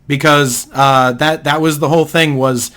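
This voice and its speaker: A man's voice: on the high side, fairly even intonation, moderate pace, a bit bright. A young man from New hosting a podcast, explaining things patiently in casual chat. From New England, United States. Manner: explains patiently, with many fillers and restarts. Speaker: podcast host.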